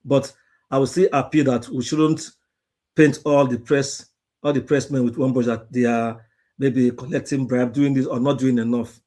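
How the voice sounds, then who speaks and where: A Nigerian man, a former journalist, speaking on an online panel in a measured way with frequent hesitations. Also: medium pitch, fairly even intonation, dark tone.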